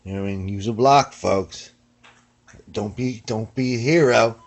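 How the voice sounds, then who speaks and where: A man's voice: fairly low pitch, normal speed. A man showing guitar parts in a casual workshop vlog, rambling and slangy, tagging lines with "you know what I mean" and "man". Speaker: guitar builder.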